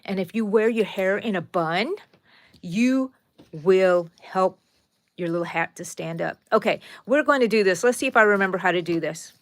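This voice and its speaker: A woman's voice: mid-range voice, normal speed, no echo, studio quality. A woman hosting a casual crochet tutorial, chatting to viewers and counting her stitches aloud.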